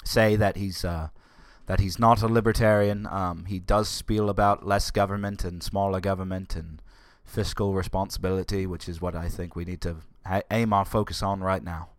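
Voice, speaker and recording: A low-voiced man ranting sarcastically about his voting choices. He stumbles through fillers and restarts. The sound is dry and close, with no room around it. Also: steady tone, normal speed, no echo. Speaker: political commentator. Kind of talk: casual political rant.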